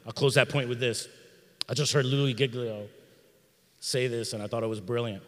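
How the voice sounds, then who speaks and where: A middle-aged man preaching a sermon in a church sanctuary, in an energetic, conversational style with slang. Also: mid-range voice, normal speed, big-room sound. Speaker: pastor.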